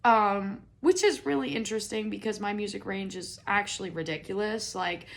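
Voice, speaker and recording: A young American woman hosting a podcast, telling a comedic story in a chatty, animated way with lots of "like" and some swearing. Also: mid-range voice, normal speed. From United States. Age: young adult. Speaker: podcast host.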